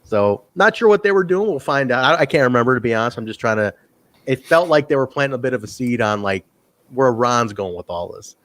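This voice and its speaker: A man's voice: medium pitch, animated, a little fast, a bit bright, no room sound. A man hosting a podcast, chatting enthusiastically about old wrestling shows. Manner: chatty and enthusiastic, many restarts. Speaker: podcast host. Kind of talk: casual chat reviewing old wrestling shows.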